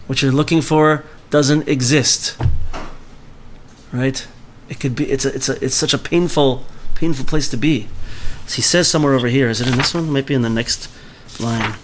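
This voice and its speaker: Man, book club leader, mid pitch, conversational, faint background hiss. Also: brisk, hardly any pauses. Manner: conversational, often checks in with "right?". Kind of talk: teaching and reading aloud.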